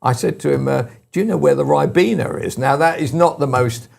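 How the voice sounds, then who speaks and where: A man's voice: on the high side, brisk, gravelly, a little mellow. An older man hosting a talk radio discussion, rambling and emphatic, telling anecdotes. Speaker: show host.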